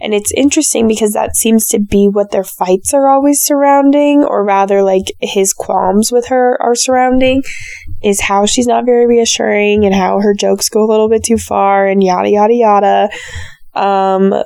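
Hoarse, raspy woman giving a chatty recap. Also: mid-range voice, steady tone, normal speed, dark tone, no room sound. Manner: chatty, opinionated, gushing. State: hoarse, sore throat. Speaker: reality show recap host. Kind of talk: casual solo recap commentary.

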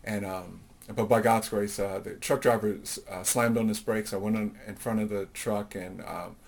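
A middle-aged man with a low voice recounts his life story as an interview guest. He talks reflectively, with plenty of fillers, and gives the people he quotes voices of their own. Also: fairly even intonation, moderate pace, gravelly.

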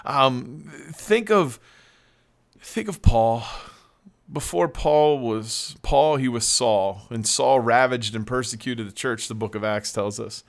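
A male pastor retelling a Bible story in a casual, animated sermon, often addressing listeners as "gang". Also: mid-range voice, slow pace.

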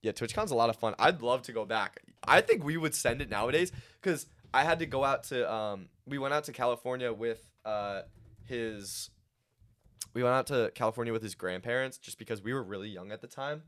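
A young man co-hosting a podcast, telling rambling stories in a relaxed, slangy way. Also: mid-range voice, a little fast. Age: young adult. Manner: laid-back, slangy, rambling storyteller. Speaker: podcast co-host. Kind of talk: casual chat.

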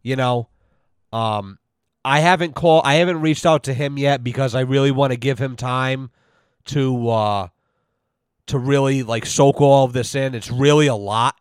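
A man's voice: mid-range voice, normal speed, smooth, no room sound, clean studio sound. A man giving a mock-serious rant on his own show, profane and full of repeated "you know"s. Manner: profane, repetitive. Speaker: podcast host.

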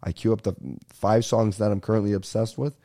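A man's voice: lowish voice, flat delivery, fairly quick, dark tone. A young man hosting a podcast, ranting casually and animatedly, swearing and calling everyone dude. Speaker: podcast host. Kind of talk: casual comedic rant.

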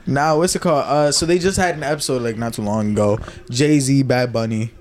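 A man's voice: mid-range voice, brisk, soft background music. A young man from New Jersey hosting a casual podcast chat, laid-back, laughing often and trailing off mid-sentence. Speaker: podcast host.

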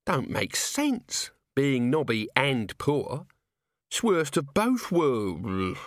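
A man's voice: mid-range voice, sing-song, very slow, no room sound, studio quality, voice pushed up. A man voicing a scruffy, gloomy male corporal who moans about his troubles, in an audiobook. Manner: moaning, despondent. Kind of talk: audiobook character voice.

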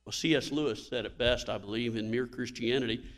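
A man's voice: medium pitch, a little fast, in a large hall. A male pastor preaching a sermon in a church, telling stories with emphatic swells of emphasis.

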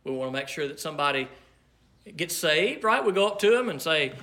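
A man preaching from the pulpit in a high, bright voice. He drives his points home emphatically, slowing into deliberate pauses for weight. The delivery is a pastor's sermon. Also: very animated.

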